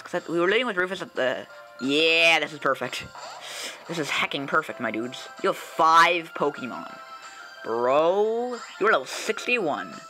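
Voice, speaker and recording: A man hosting a let's play, commenting on the game in a casual, excitable, slangy way with frequent swearing. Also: on the high side, low-quality recording.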